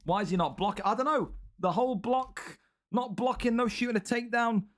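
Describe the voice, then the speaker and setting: A young man commentates online game fights in a fairly high voice. He talks bluntly and swears freely, ranting in exasperation at the fighters' decisions. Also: fairly quick, fairly bright tone. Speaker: commentator and league host. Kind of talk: excitable esports fight commentary.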